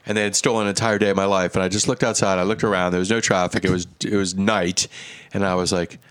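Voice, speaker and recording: A man with a low voice, recorded close and dry, tells a story in relaxed chat. He talks animatedly, drops in quick asides and swears now and then. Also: clean tone, no echo.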